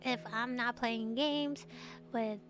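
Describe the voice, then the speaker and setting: A woman's voice: fairly high pitch, steady tone, slow, a bit bright, soft background music. A woman from Taiwan, a native Mandarin speaker, chatting casually late at night on her stream, laughing often and answering chat messages.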